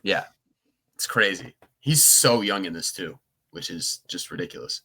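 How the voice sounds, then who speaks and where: Bright-voiced young man rambling. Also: low-pitched, lively intonation, moderate pace, husky. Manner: rambling, restarts often. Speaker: podcast co-host. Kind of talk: casual chat.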